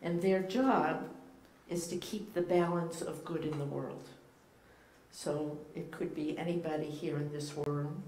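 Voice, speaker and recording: A deep, dark-toned female voice with a Boston accent carries this informal sermon, delivered unhurriedly and steadily by a guest rabbi. She is playful and instructive, often saying um and uh, as she speaks to a congregation in an echoey church sanctuary with faint background noise.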